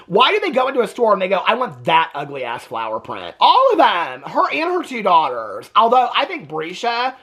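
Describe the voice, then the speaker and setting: Brief: husky-voiced man riffing on a TV show, lively and gossipy, keeps checking in with the viewer. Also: fairly high pitch. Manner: animated and gossipy, keeps asking "okay?"; laughs often while talking. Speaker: reaction video host. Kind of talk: casual reality-TV reaction commentary.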